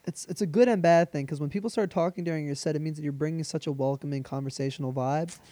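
A man's voice: a little high, fast, dry recording. A young man from Long Island, a stand-up comic co-hosting a podcast, chatting casually and acting out quotes as he tells stories. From Long Island, New York. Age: young adult. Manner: animated storytelling, acts out quotes. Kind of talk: casual chat.

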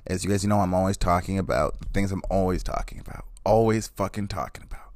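A man's voice: sits low, fast talker, darkish tone, no room sound, clean studio sound. A man in his twenties hosting a casual solo podcast from his bed, rambling, swearing and cutting himself off. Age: 20s. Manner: rambling, profane, self-interrupting. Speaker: podcast host. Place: in bed at home.

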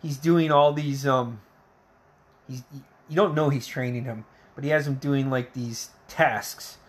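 A man's voice: mid-range voice, steady tone, measured pace. A man casually retelling a film scene by scene, swearing constantly and acting out the characters' lines. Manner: rambling, heavy swearing, acts out quotes. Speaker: movie reviewer. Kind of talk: casual profane movie recap.

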